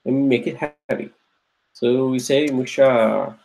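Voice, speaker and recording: A man's voice: medium pitch, steady tone, gravelly, darkish tone. A man teaching an Arabic grammar class, patiently repeating words aloud and checking that his students are following. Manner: patient, drills words by repeating them slowly.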